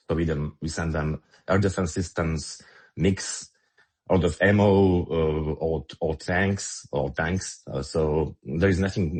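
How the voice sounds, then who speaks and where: A man with a Slovak accent speaks English in an online audio discussion, emphatic and often repeating words as he finds his phrasing. His voice sits extremely low and has a husky, breathy grain. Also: a little mellow. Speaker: guest commentator.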